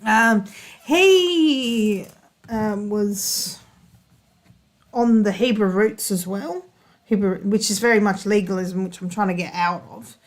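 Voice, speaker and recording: Woman guest, average pitch, chatty and halting. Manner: hesitant, lots of fillers and restarts, chatty. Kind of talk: casual chat.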